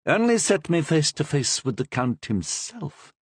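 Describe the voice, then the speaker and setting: A man's voice: fairly high pitch, very animated, a little slow, husky, dry recording, pitched above the performer's own voice, full character voice. A man voicing a sly, deferential male Capuchin friar in a storybook reading, talking eagerly.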